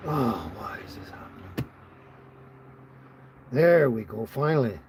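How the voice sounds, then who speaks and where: A man's voice: medium pitch, lively intonation, slow, heavy background noise. A man hosting a casual live stream from inside his camper, rambling, laughing often and greeting viewers by name.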